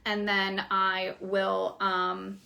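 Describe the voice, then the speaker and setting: A woman's voice: mid-range voice, monotone, very slow, gravelly, pushed and bright. A young woman coach talking frankly and casually to her viewers, with many fillers. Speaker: keto coach. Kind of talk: casual promotional video talk.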